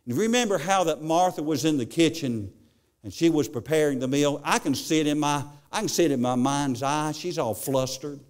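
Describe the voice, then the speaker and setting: A man's voice: a little high, a little fast. A male preacher giving a sermon, telling stories and often repeating his words as he goes.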